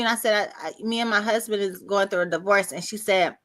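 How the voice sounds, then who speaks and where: A woman guest on a video-call podcast, telling her life story in a casual, animated way and acting out other people's words. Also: medium pitch, fairly quick.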